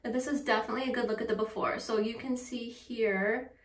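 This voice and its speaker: A woman's voice: on the high side, steady tone, a little fast. A woman chatting through a home how-to vlog, self-deprecating and laughing at herself. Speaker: beauty vlogger. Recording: roomy echo, mic at a distance.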